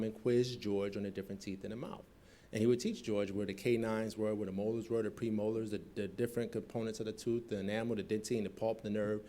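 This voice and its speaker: Middle-aged male speaker, lively keynote storyteller, acts out dialogue. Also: mid-range voice. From Newark, New Jersey. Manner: animated storyteller acting out quoted dialogue. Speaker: guest speaker. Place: convention hall.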